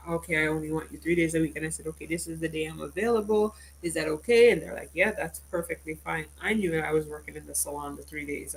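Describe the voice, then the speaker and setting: A woman's voice: sits low, a little hiss or hum, poor audio. A woman talking straight to her viewers in a casual, rambling vlog monologue, telling stories and acting out what other people said. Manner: rambling, animated storytelling with quoted asides. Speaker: vlogger.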